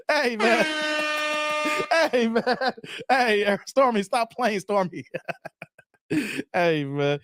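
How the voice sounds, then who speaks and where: A man's voice: very high voice, extremely slow, pauses often, pushed and bright, dry recording. A middle-aged man hosting a livestream, reading chat comments and joking loosely with viewers.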